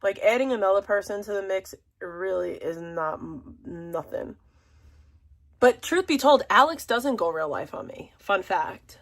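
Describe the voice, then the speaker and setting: A woman's voice: medium pitch, animated, a little slow. A woman streamer mocking a caller in casual livestream chat, laughing and using sassy slang.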